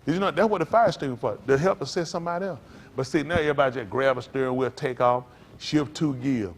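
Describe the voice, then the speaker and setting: A middle-aged male pastor preaching to a congregation, rambling through folksy stories and jumping to loud emphasis. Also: mid-range voice, fast talker.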